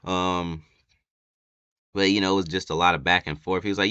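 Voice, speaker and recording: A man giving a casual, chatty wrestling recap with lots of fillers, sometimes acting out quotes loudly. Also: low-pitched, fairly even intonation, a little fast, clear, resonant tone, no echo, muffled recording.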